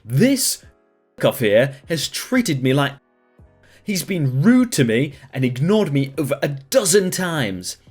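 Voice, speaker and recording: A shrill, indignant woman customer berates restaurant staff in a storybook reading, voiced by a man raising his pitch. Her accusations swing wildly up and down as she demands someone be fired. Faint music plays behind. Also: big pitch swings, takes it slowly, darkish tone, slightly rough, heavily acted. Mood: furious.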